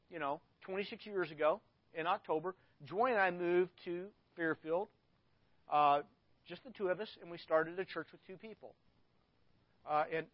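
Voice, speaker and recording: A middle-aged man preaches in a high-pitched voice, swinging from loud, dramatic scripture readings to plain explanation. The recording is dry and dull, with a muffled lo-fi sound. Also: no room sound. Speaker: pastor. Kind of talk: sermon.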